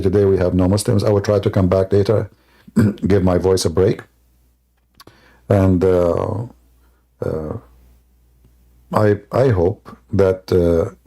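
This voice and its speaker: Man, debate host, dark gravelly voice, mocking and jokey, non-native English. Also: deep voice. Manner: sarcastic, joking, laughs at his own jokes. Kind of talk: mocking live debate monologue.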